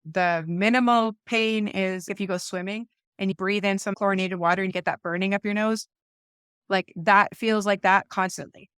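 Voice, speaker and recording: A woman in her forties chats casually on a podcast, winding through her thoughts with asides and restarts. Her voice is smooth and resonant, and it sits at a middling pitch. The recording is close and dry, with no room sound. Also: fairly even intonation, normal speed, fairly bright tone, no echo. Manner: chatty, talks things through with many asides and restarts. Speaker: podcast co-host. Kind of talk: casual conversational podcast chat.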